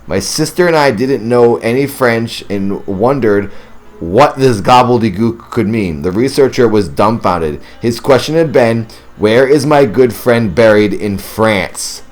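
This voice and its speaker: A man's voice: medium pitch, animated, unhurried. Male host reading a ghost story, mid-range voice, plain narration with reactive asides. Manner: reads first-person accounts, breaks off to react emotionally. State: teary and sniffling.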